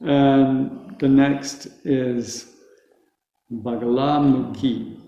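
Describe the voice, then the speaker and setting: A man leads a pronunciation class at a slow, careful pace, breaking words into syllables for the group. His voice is dark and mellow. The recording is dull and roomy. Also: medium pitch, steady tone, creaky. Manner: slow, patient, drills syllables one by one. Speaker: teacher. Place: room with a group of students. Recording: dull, echoey room recording.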